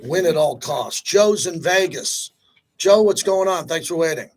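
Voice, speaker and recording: A man hosting a sports talk radio show, talking in an energetic, rapid-fire, conversational way. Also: fairly high pitch.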